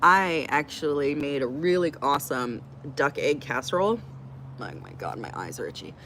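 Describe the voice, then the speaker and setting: A woman's voice: deep voice, animated, normal speed, a bit bright, a little hiss or hum. A middle-aged woman hosting a casual live Q&A, chatty, blunt and joking as she reacts to comments from her viewers. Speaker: livestream host answering chat.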